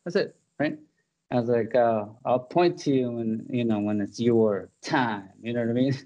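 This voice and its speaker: A man's voice: mid-range voice, normal speed, dark tone. Guy hosting a podcast, rambly and laughy, lots of ums, kinda dull lo-fi audio. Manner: rambling, chatty, laughs often, many fillers and restarts. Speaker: podcast host. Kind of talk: casual chat.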